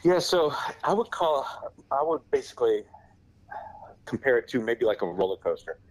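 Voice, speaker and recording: A man's voice: medium pitch, sing-song, moderate pace, rough recording. A middle-aged man, born in Australia but raised in America, chatting upbeat and laid-back as a guest reporter on a podcast. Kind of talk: casual podcast chat.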